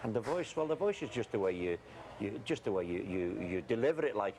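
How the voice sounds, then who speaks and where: A man with a Scouse accent speaking earnestly and with feeling, often repeating himself, in a soft, subdued voice. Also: on the low side, big pitch swings, fairly quick, a crowd in the background. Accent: Liverpool (Scouse). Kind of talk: emotional personal testimony.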